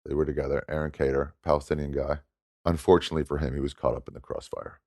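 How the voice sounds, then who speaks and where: A man telling a story in casual chat, animated and laughing often as he talks. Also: extremely low pitch, fast talker, a little hiss or hum. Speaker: guest comedian.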